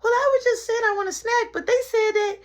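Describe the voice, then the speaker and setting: A woman's voice: very high voice, fairly even intonation, fairly quick, voice pushed up. A woman voicing her stern, fed-up mother, barking orders in an exasperated way. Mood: doting.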